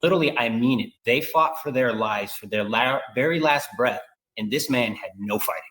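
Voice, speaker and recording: A man's voice: mid-range voice, moderate pace, poor audio. A man, a victim's father, speaking intensely as a guest in an interview. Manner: intense, forceful statements.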